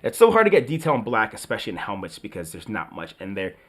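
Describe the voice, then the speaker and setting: A man's voice: lowish voice, huge pitch swings, quick pace, fairly bright tone, slightly rough. A man chatting enthusiastically to his viewers while reviewing a toy helmet. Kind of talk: product review vlog.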